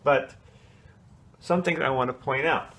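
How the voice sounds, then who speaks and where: A man teaching a children's choir, explaining solos in a relaxed, chatty way and singing short snippets to show how they go. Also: medium pitch, moderate pace. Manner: casual, explanatory, sings short snatches to demonstrate. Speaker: music teacher. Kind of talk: coaching a kids' choir on song solos.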